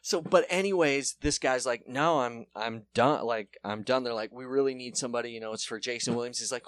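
A young adult man tells a long story in loose, casual chat on a podcast, with an average-pitched voice. He slips into high, excited voices when he quotes the people in it. The sound is dry and close. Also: a little fast, few pauses, dry recording. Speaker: podcast co-host.

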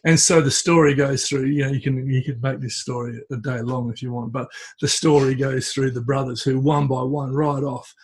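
A man, a podcast guest, telling a folk tale in a relaxed conversational way, often stopping and restarting his phrases. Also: medium pitch, moderate pace, hardly any pauses, breathy edge. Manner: hesitant, restarts phrases, tells story with acted quotes. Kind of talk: conversational storytelling. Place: at home with a cat.

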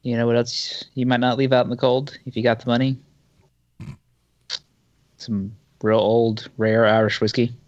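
A man's voice: mid-range voice, level tone, normal speed, pauses often, no room sound, muffled recording. Man reading whiskey news, dry. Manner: reads news items aloud with small slips and asides. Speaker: podcast co-host. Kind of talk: casual chat reading news.

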